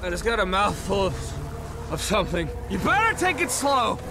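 A man's voice: high voice, huge pitch swings, moderate pace, heavily acted. An actor playing a boisterous, slurring drunk young man in a video game. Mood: drunken. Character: drunk rowdy young male partier. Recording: game audio with street noise.

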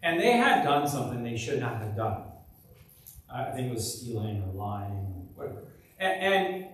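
A man's voice: medium pitch, very animated, moderate pace, fairly bright tone, distant mic. A man preaching a conversational sermon as pastor, often restarting and repeating words. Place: church sanctuary. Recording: very echoey church live stream from afar.

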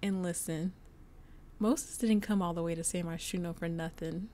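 Chatty, excitable young woman gamer. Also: lowish voice, moderate pace. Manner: chatty, excitable, gushing asides. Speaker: gameplay commentator. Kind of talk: casual gameplay commentary.

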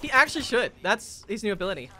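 Brief: bright, very lively Australian male streamer, loud and playful mid-game. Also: sits high, quick pace, slight background noise. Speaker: gaming streamer. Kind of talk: casual gameplay chat.

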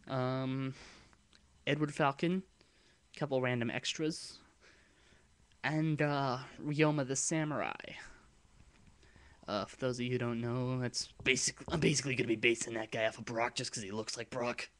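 A man with a deep voice talking in a casual vlog, rambling and hesitant, with frequent ums and restarts as he explains his project plans. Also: steady tone, moderate pace, pauses often, a bit bright. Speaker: vlogger and abridged-series creator.

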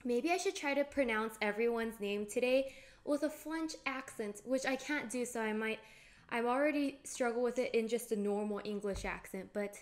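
A woman's voice: on the high side, moderate pace. A young woman streamer chatting casually on a live cooking stream, bubbly and giggly as she greets chatters by name.

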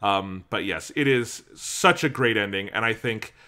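A man co-hosting a podcast in casual chat, talking in a measured, analytical way. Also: lowish voice, sharp tone. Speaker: podcast co-host.

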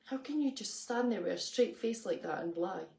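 A woman's voice: medium pitch, animated, moderate pace, vocal fry, a little mellow, roomy sound. A young adult woman in casual, teasing banter, reviewing a shopping haul with her wife at home. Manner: teasing, giggly.

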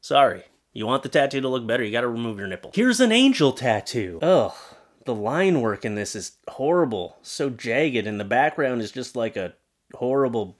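A man's voice: mid-range voice, big pitch swings, normal speed. A man doing comedic commentary on pictures, sarcastic and wisecracking, swearing casually as he roasts what he sees. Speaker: YouTube commentator.

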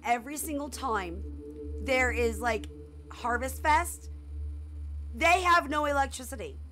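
A woman casually commenting on her own gameplay, excitable and full of exclamations, often laughing. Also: high voice, measured pace, slight background noise. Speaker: gameplay streamer. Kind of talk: casual let's-play commentary.

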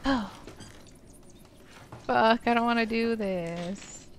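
Woman, young, horror game commentary, high voice, slow talker, swears a lot, jumpy. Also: slight background noise. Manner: profane, jumpy, shrieks when startled. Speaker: let's play gamer. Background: game music.

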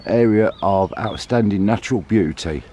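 A man's voice: on the low side, normal speed, mellow, a little hiss or hum. A man vlogging casually as he walks and climbs outdoors, chatty and joking about being out of breath. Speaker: family vlogger. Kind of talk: casual vlog narration while walking. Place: outdoors in a town and on clifftops.

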